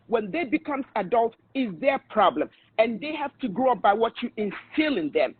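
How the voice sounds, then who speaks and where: A woman's voice: a little high, animated, moderate pace, hardly any pauses, breathy edge. A woman in a casual discussion, talking emphatically and repeating her points like a lecture. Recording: phone-like call audio.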